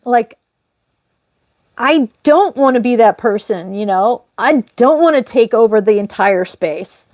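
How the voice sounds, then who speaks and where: A woman hosting a casual live stream, talking in a rambling, apologetic way and jumping up in pitch when she stresses a point. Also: measured pace, no echo, clean studio sound. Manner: animated, jumps up in pitch on emphasis. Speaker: livestream host.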